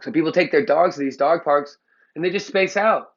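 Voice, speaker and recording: A man's voice: a little high, a little fast, highs cut off. A man who trains dogs, lecturing bluntly to the camera in a heated, profane way. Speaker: dog trainer. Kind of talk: blunt opinionated talk to camera. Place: Los Angeles.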